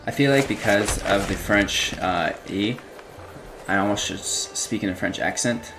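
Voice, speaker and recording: A man giving relaxed, casual commentary while playing a card game, thinking out loud about his moves. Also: on the low side, unhurried. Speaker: gameplay streamer. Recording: music clearly under the voice.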